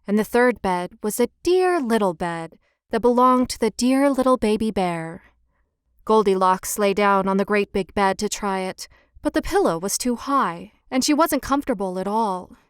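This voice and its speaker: Woman narrator, children's storybook, smooth clear voice, dry close sound, gentle lilt. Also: medium pitch, dry recording. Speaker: audiobook narrator.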